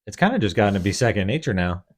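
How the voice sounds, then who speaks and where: A man's voice: lowish voice, big pitch swings, rapid-fire. A man co-hosting a casual podcast, laid-back and joking, often murmuring agreement. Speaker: podcast co-host.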